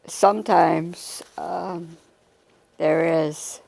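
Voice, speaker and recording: A woman hosting a local talk show, asking questions slowly with frequent pauses and fillers. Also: sits low, steady tone, vocal fry, a little mellow, no room sound. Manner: slow, hesitant, lots of fillers. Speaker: host. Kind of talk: casual interview.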